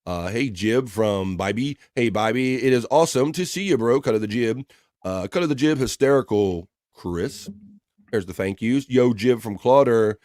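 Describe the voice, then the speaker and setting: Guy hosting a live stream, reading chat shoutouts, upbeat, dry voice no room. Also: mid-range voice, normal speed, no room sound. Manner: upbeat, greets viewers by name. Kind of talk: casual chat, reading viewer comments aloud.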